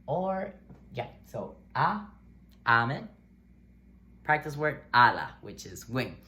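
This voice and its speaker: A man's voice: mid-range voice, a little slow. Easygoing guy teaching pronunciation to camera, jokey, lots of um and uh, medium voice. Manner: relaxed, joking, encouraging, with frequent fillers. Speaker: language teacher. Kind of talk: casual video lesson. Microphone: close-up camera.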